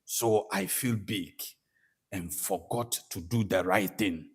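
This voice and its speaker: A man's voice: low voice, takes it slowly, husky. A man with a Ghanaian English accent giving a personal testimony as a spiritual practitioner, telling his story animatedly and acting out what people said. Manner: animated storytelling, acts out quoted voices.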